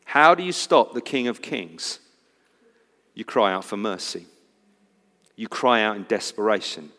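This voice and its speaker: A man preaching a sermon, swinging from loud cries to hushed, intense moments. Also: lowish voice, big pitch swings, a little slow, big-room sound.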